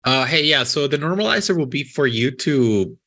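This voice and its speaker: A man from the software team explaining a feature casually, with quick speech and fillers. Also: mid-range voice, expressive.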